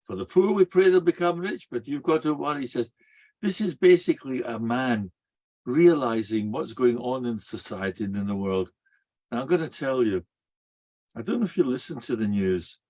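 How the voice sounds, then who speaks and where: Male rabbi, mid-pitched storyteller, Yiddish-laced sermon, muffled lo-fi recording. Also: expressive, moderate pace, darkish tone. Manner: storytelling, asks and answers his own rhetorical questions; sprinkles Hebrew and Yiddish terms. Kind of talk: sermon to a live audience. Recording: dull lo-fi recording.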